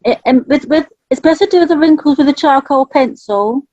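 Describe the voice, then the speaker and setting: A woman, working as a spirit artist, talking gently and chattily through a live drawing reading and laughing often. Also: high voice, a little fast, highs cut off. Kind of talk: live psychic drawing session.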